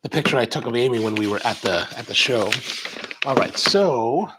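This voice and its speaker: A man's voice: medium pitch, expressive, moderate pace, background noise. A middle-aged man hosting a coffee channel, rambling casually through a live-stream chat while he unboxes a package. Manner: rambling, chatty storyteller.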